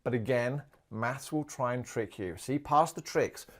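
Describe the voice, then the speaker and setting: A man teaching a maths lesson on video, chatty and playful, thinking out loud as he writes. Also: mid-range voice, a little slow. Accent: Australian.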